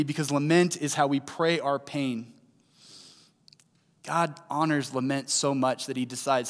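A man's voice: mid-range voice, fairly even intonation, measured pace, long pauses. A man in his thirties from St. Louis preaching a sermon, telling a personal story in a conversational way with rising emphasis on key lines. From St. Louis, USA. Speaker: pastor. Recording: hall with long reverb.

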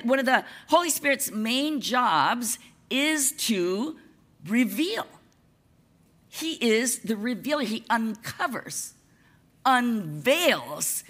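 Lively, bright-voiced woman preaching. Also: a little high. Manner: conversational, lively preaching with casual asides. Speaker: pastor. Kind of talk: sermon.

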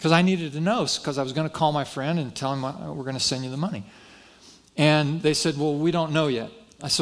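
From the pulpit, a pastor with a fairly high voice tells a personal story at a fast clip. He pokes fun at himself in a folksy way and voices what each person said.

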